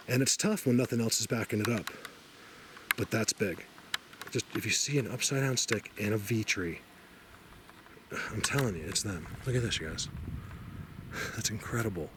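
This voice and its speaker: A man filming himself outdoors on a trail, talking to the camera in an excitable, chatty way and now and then dropping to a hush. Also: noisy background. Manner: excitable, talks to animals in a high baby voice, drops to hushed tones. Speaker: outdoor vlogger. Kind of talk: casual walking vlog.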